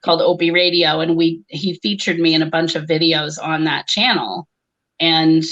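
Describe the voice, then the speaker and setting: A woman's voice: low voice, little pitch movement, moderate pace, fairly bright tone, highs cut off. A woman telling a personal story in a wry, conversational way, laughing often. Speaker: conference speaker, comedian. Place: live online conference.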